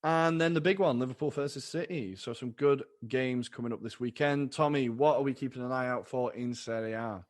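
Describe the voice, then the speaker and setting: A chatty man co-hosting a podcast, talking in a middle-pitched voice. He is upbeat and breaks into laughs as he rattles through the weekend's fixtures. It is relaxed, casual football chat into a podcast mic. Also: fairly quick, few pauses. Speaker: podcast co-host.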